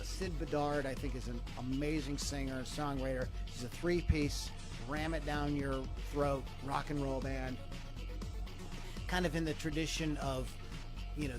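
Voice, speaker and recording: A man hosting an online rock show, chatting casually in a jokey, rambling way and laughing loudly. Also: medium pitch. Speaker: show host. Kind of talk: casual radio-style chat.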